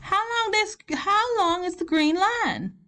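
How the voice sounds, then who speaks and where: A woman's voice: very high voice, slow pace, pushed and bright, exaggerated voice. A woman with a Southern US accent, playing a chatty grandmother who fills in as teacher, talking students through a math lesson step by step. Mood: patient. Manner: folksy, encouraging, talks students through each step.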